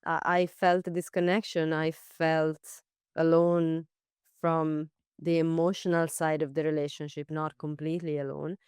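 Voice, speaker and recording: A woman's voice: low voice, flat delivery, a little slow, darkish tone, smooth, no echo, studio quality. A woman co-hosting a marriage podcast while she has a cold, speaking openly and thoughtfully about her feelings. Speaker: podcast co-host. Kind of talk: candid podcast talk.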